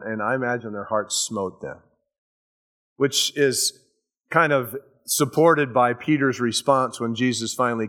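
A man's voice: medium pitch, fairly bright tone. A man preaching a verse-by-verse sermon, earnest, rising and falling in volume and acting out quotes in casual modern words. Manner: slow, earnest preaching that rises and drops in volume. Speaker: pastor. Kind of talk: sermon, verse-by-verse Bible teaching.

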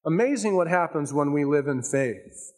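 A man preaching a sermon in a conversational, storytelling way, slowing down to stress his key points. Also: a little high, lively intonation, darkish tone. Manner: conversational storytelling, folksy asides; emphatic, slows down on key points. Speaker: pastor.

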